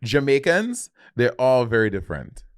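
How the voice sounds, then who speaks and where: Young dude cohost, bouncy voice, laughs a lot, dry mic. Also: male voice, mid-range voice, moderate pace, no echo. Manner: expressive, laughs often. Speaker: podcast co-host. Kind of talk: casual chat.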